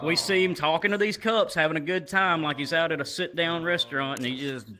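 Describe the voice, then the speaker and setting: A young man doing crude, animated stand-up storytelling that jumps up into loud shouts. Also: fairly high pitch, brisk. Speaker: stand-up comedian.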